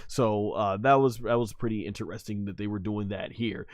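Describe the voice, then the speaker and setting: A man's voice: lowish voice, steady tone, moderate pace, no echo, studio quality. A man hosting his own channel, recapping an anime episode in a rambling, casual way, full of fillers, restarts and frequent chuckles.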